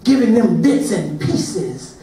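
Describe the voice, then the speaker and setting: A man in his fifties, an assistant pastor preaching a sermon to his congregation, impassioned and building to shouts, calling out to them as y'all. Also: high-pitched, very animated, slow. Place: church sanctuary. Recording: echoey church from far off.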